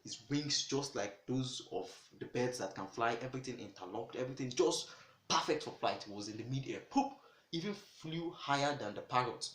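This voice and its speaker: A man tells a folktale in a loose, chatty way, full of exclamations and asides. His voice sits at an ordinary male pitch, and the recording has a roomy echo. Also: normal speed. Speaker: storyteller. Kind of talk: casual storytelling.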